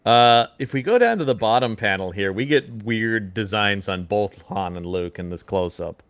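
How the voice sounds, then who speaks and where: A man co-hosting a podcast, chatting casually about comics and now and then jumping into loud mock voices. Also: on the low side, animated, moderate pace, no room sound. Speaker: podcast co-host. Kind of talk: casual comic-book discussion.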